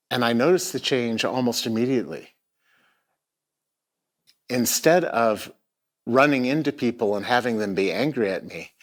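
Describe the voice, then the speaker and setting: A middle-aged man giving a personal storytelling talk on a theatre stage, reflective and given to hesitant restarts. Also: medium pitch. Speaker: keynote speaker. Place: theatre stage before a live audience.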